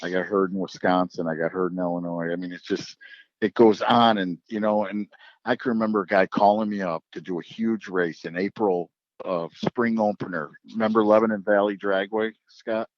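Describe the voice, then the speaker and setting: A man's voice: low-pitched, fairly even intonation, moderate pace, no echo, dull audio. A man who works as a drag racing track announcer, telling stories in a casual podcast chat and acting out the voices of the people he quotes.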